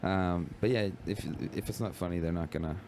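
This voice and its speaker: A man's voice: sits low, brisk, a little mellow, slight background noise. A young man talking as a guest comedian in a casual podcast chat, laid-back and rambling, with lots of "like" and "bro".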